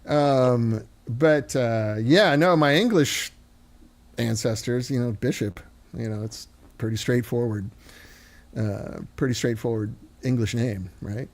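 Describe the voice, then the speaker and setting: A man's voice: medium pitch, slow. A man, chatting casually and joking with some swearing. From United States. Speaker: host. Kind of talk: casual chat.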